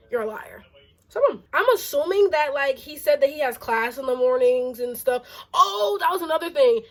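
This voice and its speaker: A young adult woman vlogger telling a casual storytime, animated and exasperated, with lots of "like" fillers. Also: high voice. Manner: animated and exasperated, heavy use of "like".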